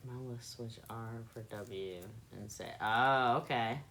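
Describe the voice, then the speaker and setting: Chatting easygoingly with viewers, this Southern-accented woman from South Carolina hosts a livestream and toys with how she pronounces words, saying them again and again. She speaks slowly in a very deep, slightly mellow voice with fairly even intonation, keeping a relaxed, playful manner.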